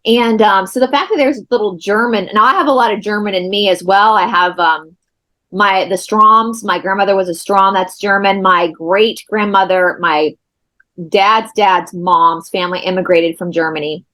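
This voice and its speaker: A woman's voice: medium pitch, steady tone, normal speed, a bit bright. A woman from the Southeastern United States, hosting a casual podcast chat and rambling through stories. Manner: chatty, rambling storyteller. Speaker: podcast host.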